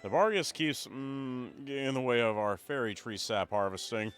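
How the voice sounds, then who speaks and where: A man's voice: mid-range voice, moderate pace, a bit bright, soft background music, natural voice. A man reading aloud as a prim male fairy brewer in a video game.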